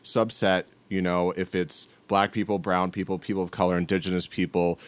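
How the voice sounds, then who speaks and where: A man co-hosting a podcast, talking earnestly with halting restarts in casual chat. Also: sits low, little pitch movement. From northern United States. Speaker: podcast co-host.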